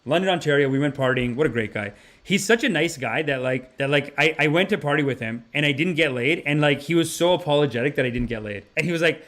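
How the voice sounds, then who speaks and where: A man talking fast and eagerly in a casual vlog, stacking anecdotes with quick restarts and repeated words. His voice sits a touch high for a man, and the words tumble out quickly. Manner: rapid, animated storytelling with quick restarts. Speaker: comedian and podcast host.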